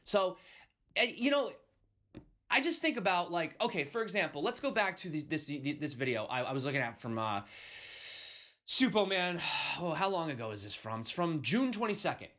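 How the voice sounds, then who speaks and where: A man's voice: on the high side, very animated, normal speed, bright, forceful tone. A young man hosting a crypto video, ranting emphatically at viewers and punctuating his points with "okay?". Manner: emphatic, keeps asking "okay?". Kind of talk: heated rant to viewers.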